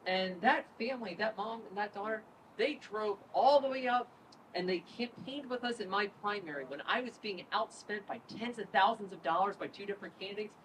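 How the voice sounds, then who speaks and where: A woman in her thirties from Northern Virginia, a politician telling a lively story at an event, acting out quotes and laughing. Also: medium pitch, brisk. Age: 30s. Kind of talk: storytelling speech. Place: event room with crowd ambience. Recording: distant mic with noise.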